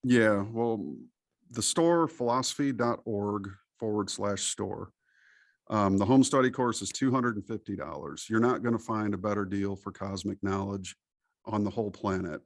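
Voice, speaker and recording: A middle-aged man from the United States, a podcast interview guest, talking in an animated, preachy storytelling way. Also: fairly low pitch, moderate pace, no echo, clean studio sound.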